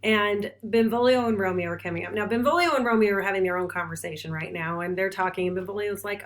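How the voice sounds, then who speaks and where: A middle-aged woman teacher casually retelling a play scene for her students, briefly putting on quick voices for the characters. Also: medium pitch. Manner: chatty, paraphrases characters in quick put-on voices.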